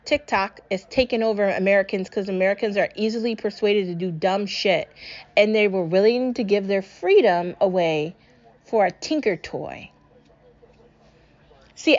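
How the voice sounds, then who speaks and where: A woman's voice: medium pitch, dull audio. A young woman from New England hosting a solo podcast, ranting angrily and swearing a lot. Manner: angry, profane, ranting. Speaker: podcast host. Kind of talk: solo political rant podcast.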